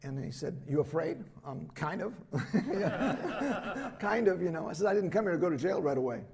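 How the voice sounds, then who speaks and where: Gravelly preacher telling stories. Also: male voice, high-pitched, moderate pace. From United States. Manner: animated anecdotes, voices quotes, laughs at himself. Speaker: missionary preacher. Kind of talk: storytelling sermon. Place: church hall.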